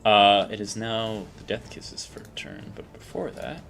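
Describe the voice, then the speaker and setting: A man running a tabletop game as game master, narrating the action in a halting way with many fillers. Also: fairly low pitch, fairly bright tone, faint music behind.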